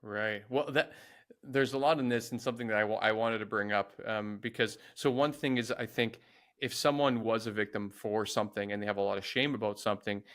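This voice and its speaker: A man's voice: lowish voice, fairly even intonation, brisk, fairly bright tone. A man hosting a podcast who speaks reflectively and searches for his words as he goes. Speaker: podcast host. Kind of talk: conversational interview.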